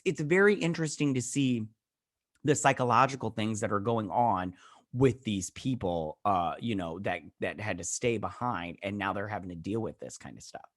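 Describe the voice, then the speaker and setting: A man's voice: on the low side, lively intonation, normal speed, dry recording, clean studio sound. A man hosting a casual episode review vlog, recapping scenes in a rambling way and acting out the characters' lines. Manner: frequent restarts and "he's all like". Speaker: show host reviewing a TV episode.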